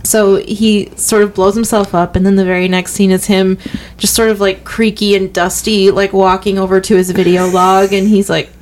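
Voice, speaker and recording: A young woman talks movies in a relaxed chat, slipping into quoted lines as she retells scenes. Her voice sits at a middling pitch. She speaks with lively energy. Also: moderate pace, slight background noise. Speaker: movie podcast co-host. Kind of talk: casual chat.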